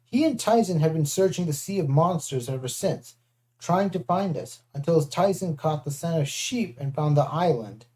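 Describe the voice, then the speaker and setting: An audiobook narrator reading a first-person adventure aloud in a lively way, switching into voices for the characters. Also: mid-range voice, normal speed.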